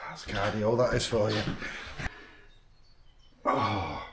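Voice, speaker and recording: A man's voice: fairly low pitch, drawn-out words. A young man on a motorcycle trip, joking crudely and laughing with his mates at a rainy campsite. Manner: swearing, joking, laughing often. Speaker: motorcycle vlogger. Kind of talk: crude banter among friends. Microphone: action camera mic. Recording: noisy outdoor recording with clicks.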